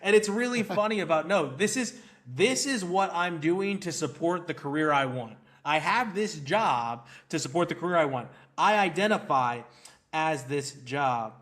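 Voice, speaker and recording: A man co-hosting a movie review podcast in casual chat, animated and laughing often. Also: high voice, normal speed. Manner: animated, laughs often, acts out scenes in quotes.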